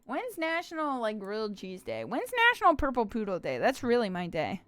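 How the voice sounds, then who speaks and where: Bubbly high-voiced young woman streamer. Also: wildly swooping pitch, brisk, a bit bright, clean tone, no echo. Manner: bubbly, giggly, talks to chat and plays a cutesy puppy-girl persona. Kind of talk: casual live-stream chat.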